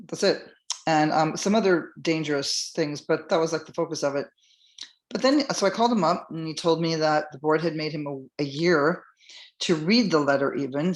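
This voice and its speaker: Rambling middle-aged woman telling her story. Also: low voice. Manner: rambling, many fillers and restarts, voices others' words. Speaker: podcast host. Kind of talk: casual first-person storytelling.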